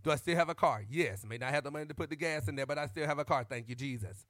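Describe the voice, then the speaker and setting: A man vlogging into a close microphone, joking and riffing like a preacher, animated and shouting at times and calling out to y'all. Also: a little high, fast talker, no room sound. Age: adult. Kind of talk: comic monologue with preacher-style riffs.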